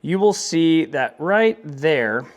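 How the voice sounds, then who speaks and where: A man's voice: on the high side, lively intonation, slow pace. A young man talking casually in a motorcycle vlog, rambling with joking asides. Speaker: motovlogger.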